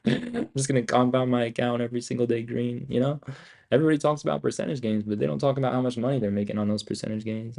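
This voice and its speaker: A young man streaming his day trading live, talking in a profane, excitable, rambling way and repeating himself. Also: mid-range voice, rapid-fire, gravelly.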